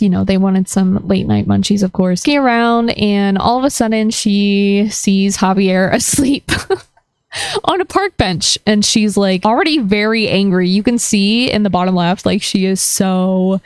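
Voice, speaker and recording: A woman's voice: mid-range voice, darkish tone, clear, resonant tone, dry recording. A young woman who chats and giggles her way through casual storytelling about a life-sim game. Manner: chatty, giggly, full of fillers. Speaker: gaming video creator.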